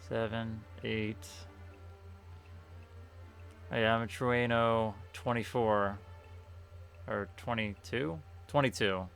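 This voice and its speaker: A man's voice: on the low side, fairly even intonation, slow pace, vocal fry, long pauses, a bit bright. A man casually commenting on a game as he plays, rambling and correcting himself while reading the game's questions aloud. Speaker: streamer playing a game. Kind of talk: casual let's-play commentary. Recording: faint game music behind.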